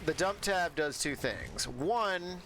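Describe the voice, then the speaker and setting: A man's voice: on the high side, animated, slow pace, music in the background. A man chatting casually while playing a game, rambling with many fillers and restarts. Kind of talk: casual chat while gaming.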